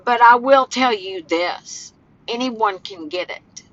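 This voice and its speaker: Woman vlogger, slow halting delivery, bright tone, dull phone audio outdoors. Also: a little high. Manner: slow, halting, emotional rants. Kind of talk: casual vlog talk. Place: walking outdoors near home.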